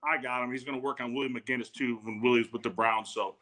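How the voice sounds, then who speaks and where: A man in his forties with a bright, forceful voice, spinning animated stories in casual conversation. He restarts sentences and slips into the voices of the people he quotes. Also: medium pitch, quick pace. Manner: animated anecdotes with repeated starts, quotes others. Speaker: guest, former football tight end. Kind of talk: casual storytelling chat.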